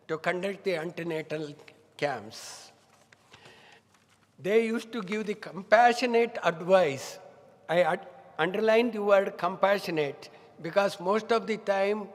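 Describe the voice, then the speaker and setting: A middle-aged man giving a formal welcome speech as a medical college director, measured and full of honorifics. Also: high-pitched. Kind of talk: formal ceremonial address. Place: large hall. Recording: long hall reverb.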